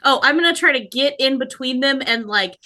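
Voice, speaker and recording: A woman's voice: sits high, animated, a little fast, sharp tone. A woman playing in a tabletop game, eagerly thinking aloud about her move. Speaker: player. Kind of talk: casual chat at a game table.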